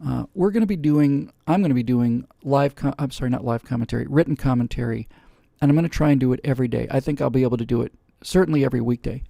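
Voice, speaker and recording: A man with a dark, gravelly voice hosts a live webcast in a casual, rambling way. He restarts and fills pauses often. The sound is dry and close. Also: medium pitch, no echo. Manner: rambling, many fillers and restarts. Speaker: host.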